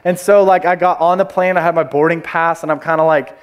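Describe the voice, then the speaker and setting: A pastor telling a personal story in a conversational sermon, with many fillers and restarts. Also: male voice, fairly high pitch, steady tone, a little fast, hardly any pauses, clean tone, muffled recording.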